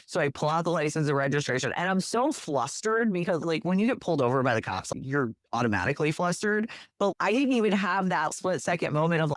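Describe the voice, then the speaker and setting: A woman from New Jersey telling a story as an interview guest, lively, acting out the quotes with big jumps in her voice. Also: low-pitched, quick pace, no room sound, studio quality. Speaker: guest, animal rescue worker.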